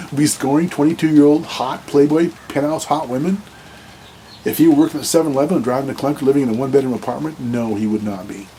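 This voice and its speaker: A man's voice: medium pitch, a little mellow, a little hiss or hum, low-quality recording. A man giving blunt dating advice in a casual monologue to camera, rambling, restarting sentences and repeating words.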